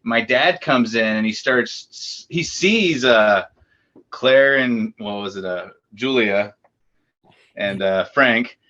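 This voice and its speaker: A man, a co-host telling a rambling, halting story in a casual interview chat. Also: mid-range voice, sharp tone, highs cut off.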